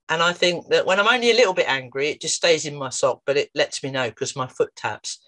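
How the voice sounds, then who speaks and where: Animated woman therapist storytelling. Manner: lively, animated retelling with jumps in pitch. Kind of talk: storytelling talk to camera.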